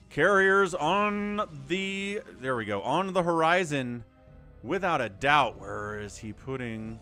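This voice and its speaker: A man commentating a strategy game live on his stream, chatty and excitable, thanking viewers between plays. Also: a little high. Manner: animated, chatty, thanks viewers mid-play.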